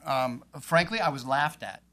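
A man's voice: medium pitch, moderate pace, bright, forceful tone. A man on a policy panel, arguing emphatically and repeating phrases as he builds his point.

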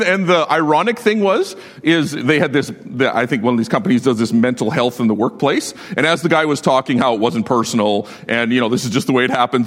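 A man preaching a sermon, telling a story with lively swings between loud and hushed delivery and frequent laughter. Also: medium pitch, quick pace, in a large hall. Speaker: pastor.

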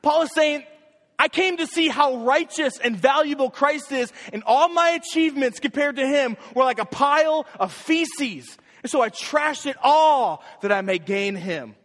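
High-voiced man preaching in a reverberant hall. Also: animated, a little slow. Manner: emphatic, with sharp rises in pitch on key points. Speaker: young adults pastor. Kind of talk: sermon.

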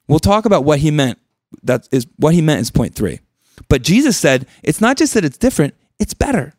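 A man's voice: fairly high pitch, sing-song, brisk, a little mellow, no echo. Guy teaching a bible study, chatty, jokey asides, keeps asking the group stuff, dry sound. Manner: conversational, joking asides, questions to the group.

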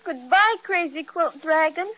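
A woman's voice: extremely high pitch, lively intonation, a little slow. A sweet little girl. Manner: sweet and anxious. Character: timid polite little girl. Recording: dull old radio recording.

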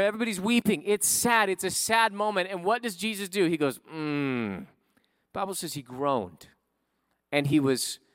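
A male pastor delivers a sermon in a relaxed, conversational manner, often pausing to ask "right?" of his listeners. His voice sits a little high for a man. The recording is dry and close, with no room echo. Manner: conversational preaching with frequent "right?" asides.

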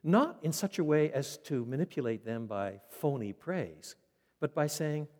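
A lively, fairly high-voiced man preaches with big swings in pitch, often tripping over repeated words as he drives his point home. His voice carries through a reverberant hall. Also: measured pace. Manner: animated, repeats words when emphatic. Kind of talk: expository sermon. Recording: echoey hall.

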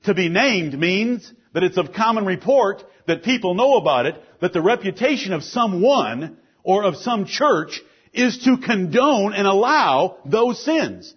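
A male pastor preaches a sermon with a husky, fairly high voice. He leans hard on key phrases and at times drops to a low, quiet delivery. The recording is dull and lo-fi. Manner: preaching with rising emphasis, then dropping to a low, quiet delivery.

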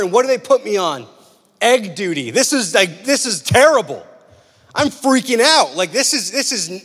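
A young male preacher with a high, light voice that rings out through a big hall with a long reverb tail. He talks in an animated, casual way, full of "like" and "right?" asides. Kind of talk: sermon with personal story.

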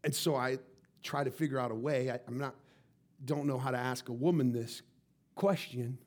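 A male pastor preaching to his congregation, telling a story in an animated way and often stumbling over repeated words. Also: medium pitch, normal speed. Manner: animated, stammering repetitions. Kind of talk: sermon storytelling.

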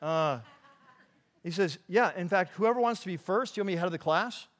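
A man's voice: high voice, brisk. A man preaching a sermon in a conversational way, with frequent restarts and asides to the congregation. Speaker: pastor.

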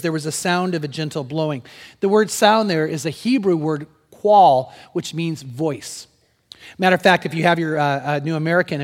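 High-voiced older pastor preaching in a hall. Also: male voice. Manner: swings from loud emphatic storytelling to hushed near-whispers. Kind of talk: sermon.

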